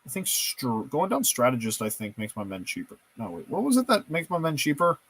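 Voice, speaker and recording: A gameplay streamer, male, offers casual let's-play commentary on a strategy game, thinking aloud and poking fun at himself as he makes his choices. His medium-pitched voice is sing-song, fairly quick and a bit bright, with no echo. The mood is playful and self-mocking.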